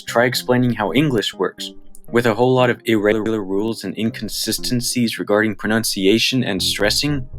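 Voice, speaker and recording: A man with an American accent, reading a prepared language explainer in a careful, measured way. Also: on the low side, a bit bright. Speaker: channel host. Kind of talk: scripted explanatory narration.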